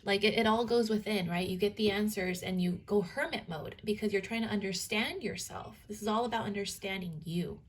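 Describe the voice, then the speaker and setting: A woman's voice: mid-range voice, fairly quick, few pauses. A young woman giving a casual tarot reading, rambling with lots of filler words and casual swearing. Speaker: tarot reader and spiritual coach.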